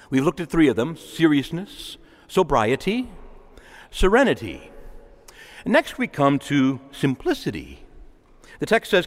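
A man preaching a sermon as a parish priest, conversational, with asides and repeated words. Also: medium pitch. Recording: long church reverb.

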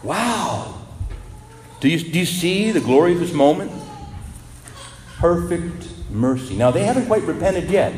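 A man preaching a sermon as a priest, animated and asking his congregation rhetorical questions. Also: fairly high pitch, unhurried, long pauses, roomy sound, big-room sound.

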